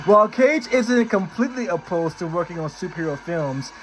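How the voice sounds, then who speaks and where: A man's voice: sits high, unhurried, rough recording. A man hosting a casual vlog, chatty and upbeat, reading out a news article and laughing along. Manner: upbeat, chatty, laughs at his own impressions. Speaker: channel host. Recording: clear background music.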